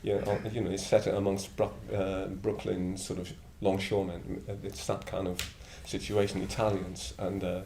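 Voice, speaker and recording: Brief: man in his 70s from northern England, lowish voice, blunt and digressive, echoey room. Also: little pitch movement, moderate pace, gravelly, hardly any pauses, dark tone, a little hiss or hum. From Middlesbrough, northern England. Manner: blunt, digressive, chuckling storyteller. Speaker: Buddhist order member. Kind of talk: reflective anecdotal talk. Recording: echoey room with faint ambience.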